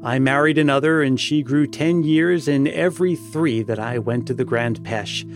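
The weary ghost of an old fisherman, as a man puts him on, speaking in a plain, mournful way. Music runs clearly under this storybook reading. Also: medium pitch, normal speed, natural voice.

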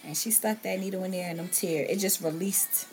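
A woman's voice: on the low side, brisk, darkish tone, soft background music. A woman, a podcast guest, telling a personal story at home and acting out what others said to her. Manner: earnest, relives scenes by quoting others' words. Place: at home, in a bedroom with a TV on.

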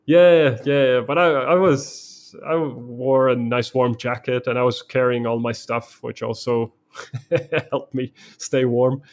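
A man speaks as a guest in a conversation. He tells his story vividly, in the present tense, at a middling pitch. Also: fairly even intonation, takes it slowly. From Denmark.

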